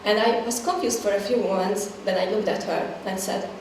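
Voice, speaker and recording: A woman shares a personal story from a stage in a candid, conversational manner. Her voice sits at a middle pitch. It is picked up from far off in a very echoey hall, with a little background noise. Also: brisk, darkish tone. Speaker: performer sharing a personal story. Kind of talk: scripted stage testimony. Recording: echoey hall, distant mic, faint noise.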